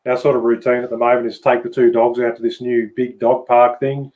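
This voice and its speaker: A man with an Australian accent chatting casually as host, relaxed and swearing freely. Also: medium pitch, brisk, phone-quality sound. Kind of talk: casual chat.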